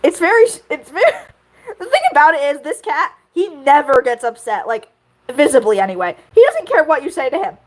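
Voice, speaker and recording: Giggly young woman, lively high voice. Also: brisk. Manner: rambling, giggly, many fillers. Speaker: video creator. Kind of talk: casual chat while drawing.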